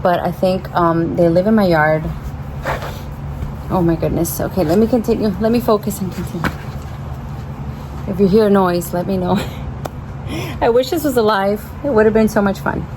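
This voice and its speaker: By her backyard pergola, an orchid vlogger chats casually to camera about her plants, rambling and easily startled. Her mid-range voice moves at normal speed with frequent pauses, and background noise is clearly audible in the outdoor recording.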